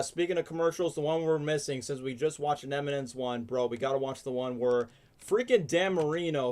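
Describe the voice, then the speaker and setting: A man hosting a casual reaction livestream, jokey and excitable, chatting with friends over trailers. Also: on the high side. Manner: excitable, jokey, bursts into loud silly shouts. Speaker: livestream host. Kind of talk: casual reaction stream chat.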